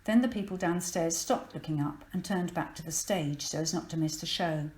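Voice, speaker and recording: A woman reading a children's storybook aloud in a clear, expressive manner. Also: deep voice, a little fast, hardly any pauses, echoey room, rough recording. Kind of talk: children's book read-aloud.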